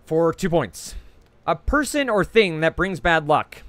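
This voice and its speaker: Jersey-accented male quiz host, slightly high, very lively delivery, dry video-call sound. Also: no room sound. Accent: New Jersey. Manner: reads each clue twice, brisk and chatty, with frequent "uh". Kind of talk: reading trivia clues and scoring.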